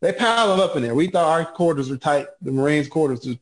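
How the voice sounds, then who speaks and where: Young guy navy vet telling ship stories on a podcast, laughs a lot, does quick voices of his old crew. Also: on the high side. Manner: laughing, animated impressions of shipmates. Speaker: Navy veteran guest. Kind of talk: casual storytelling.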